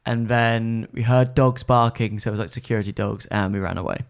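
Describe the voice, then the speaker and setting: A man's voice: fairly low pitch, fairly even intonation, fairly quick, clear, resonant tone. A man casually chatting as a podcast co-host, retelling an episode with lots of filler likes. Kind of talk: casual chat recapping a TV episode.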